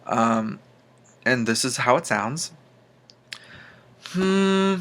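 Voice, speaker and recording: A man working as a speech therapist, recording homework and giving calm plain instructions between slowly sung practice phrases. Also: medium pitch, vocal fry.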